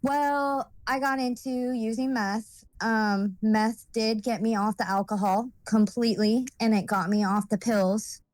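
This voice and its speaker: A woman's voice: fairly high pitch, fairly even intonation, measured pace, hardly any pauses, a little mellow, dry recording. A woman speaking as a guest and telling a personal story in a blunt, rambling way, with lots of fillers and swearing.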